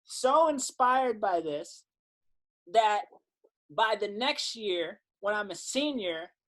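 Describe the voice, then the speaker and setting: A man's voice: high-pitched, takes it slowly. A man in his thirties, a singer-songwriter guest on a podcast, telling his story casually and acting out the quotes. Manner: animated storyteller, acts out quotes, swears casually.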